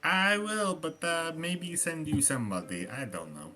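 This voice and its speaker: A man's voice: on the high side, lively intonation, unhurried, pushed and bright, soft background music. A man playing a tabletop game in character, talking casually and hesitantly. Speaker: player.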